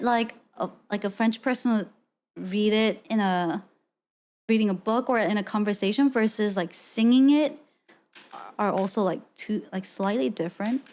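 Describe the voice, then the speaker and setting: A woman's voice: medium pitch, darkish tone. A woman streamer chatting casually with her chat, laughing often and talking in loose, restarting sentences. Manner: lots of "like" fillers and restarts. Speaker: VTuber streamer.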